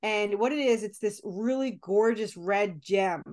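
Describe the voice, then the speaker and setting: A woman guest in a casual interview, telling stories in an animated way, with frequent fillers and laughs. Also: medium pitch, a little slow. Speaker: guest comic creator and co-author.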